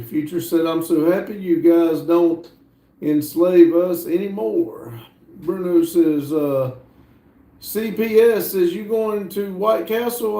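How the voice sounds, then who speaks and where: A man hosting a livestream, slowly reading viewer messages aloud with lots of hesitant fillers. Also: high-pitched, gravelly, dark tone, echoey room. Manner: slow, halting reading with many fillers. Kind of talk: casual livestream chat.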